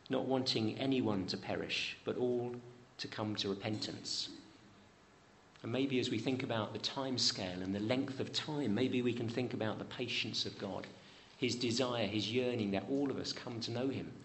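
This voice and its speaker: A man preaching a sermon in a church. He rises high on pleading questions and drops low and soft on promises. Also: slight background noise.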